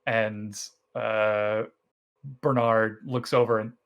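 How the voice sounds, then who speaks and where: Man, dungeon master, relaxed narration, low voice, slow pace. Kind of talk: narrating a tabletop game.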